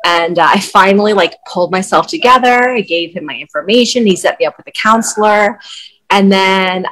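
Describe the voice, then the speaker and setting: A woman's voice: medium pitch, brisk, fairly bright tone, poor audio. Candid middle-aged woman telling her story. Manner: candid, conversational, with fillers. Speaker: guest, wellness coach. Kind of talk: personal storytelling in interview.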